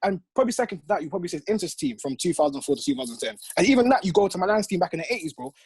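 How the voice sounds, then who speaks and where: A man's voice: high voice, sing-song, rapid-fire, darkish tone, breathy edge, dry recording. A young man with a London accent hosting a casual football chat, steering the talk and pushing his points. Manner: talks over others, keeps steering the discussion. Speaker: host.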